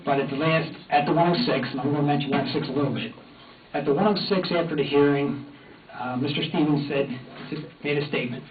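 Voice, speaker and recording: Man, measured statement at a public meeting; slightly higher voice; distant, lo-fi mic. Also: a little hiss or hum. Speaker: meeting participant. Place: township meeting room. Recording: distant, echoey, tinny.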